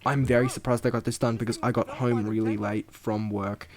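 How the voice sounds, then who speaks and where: A young man giving a casual, rambling video commentary, self-deprecating and full of fillers, swinging between mumbling asides and excited bursts. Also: fairly low pitch, a little fast, crowd noise. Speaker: video creator.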